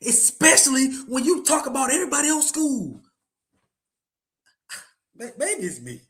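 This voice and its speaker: A man hosts a casual sports podcast, ranting in loose slang and circling back over his points. His voice sits high for a man and swings widely, rising and falling as he gets worked up. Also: normal speed, pauses often. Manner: animated, ranting, slangy, repeats himself. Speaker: podcast host.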